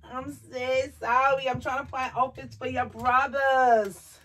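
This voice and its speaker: A woman with a fairly high voice chats casually to her viewers at home. She keeps calling out to the audience and to her dolls in a loose, rambling vlog manner. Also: flat delivery, slow, fairly bright tone. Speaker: doll hobby vlogger. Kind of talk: casual chat to camera.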